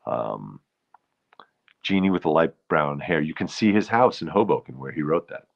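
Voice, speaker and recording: A man's voice: extremely low pitch, big pitch swings, normal speed, gravelly, muffled recording. A man with a New York accent, from the Bronx, hosting a casual live stream, rambling and greeting viewers between thoughts. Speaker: host.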